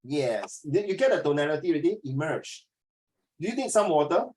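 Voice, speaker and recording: A man coaching a student one-on-one for an oral exam, blunt and animated, mixing in Mandarin words. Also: a little high, a little fast. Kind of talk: one-on-one tutoring.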